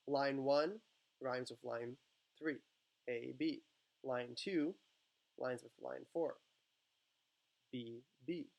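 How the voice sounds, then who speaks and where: A man teaching a writing class, explaining step by step in a loose, casual way with many fillers and quick check-ins. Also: mid-range voice, creaky.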